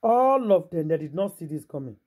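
Husky man with Nigerian Pidgin accent. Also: a little high, sing-song, a little fast, darkish tone. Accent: Nigerian Pidgin English. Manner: preachy, rhetorical, talks straight to viewers. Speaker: gossip vlogger. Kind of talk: casual commentary.

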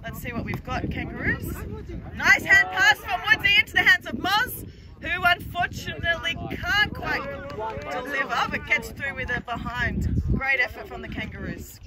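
A woman giving chatty, excitable live commentary on an amateur match from the sideline, laughing easily. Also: sits high, moderate pace. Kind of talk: casual live sports commentary. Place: outdoors at a sports field sideline. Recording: outdoor sideline with crowd noise. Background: spectators cheering and chatting.

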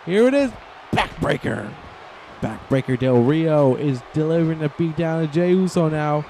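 A man giving excitable, rambling play-by-play commentary over a wrestling video game, shouting on the big moves. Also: on the high side, normal speed, noisy background.

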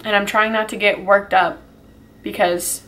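A woman's voice: medium pitch, steady tone, a little slow, a bit bright. A woman talking to her small channel in an emotional vlog, upset and swearing, rambling with sighs and restarts. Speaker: YouTuber.

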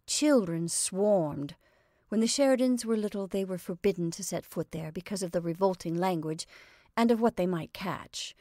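Woman narrator, literary reading, measured, expressive, dry close sound. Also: medium pitch, no room sound. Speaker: storyteller.

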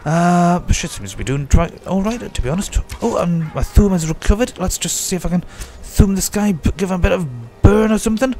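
A man's voice: sits high, lively intonation, brisk, few pauses, darkish tone, soft background music. A man giving chatty, jokey commentary as he plays a game and talks to himself. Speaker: let's play host. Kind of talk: casual gameplay commentary.

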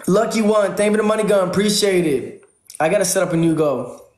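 Man, livestreamer, high voice, casual chatter, thanks viewers by name, echoey room. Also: fairly quick, a little mellow. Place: home room.

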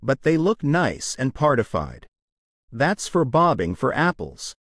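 A brisk, practical middle-aged hostess, as a male narrator reads her lines in an audiobook. She hands out instructions in a businesslike way, in a slightly lower pitch. The sound is close and dry. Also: very animated, a bit bright, no room sound.

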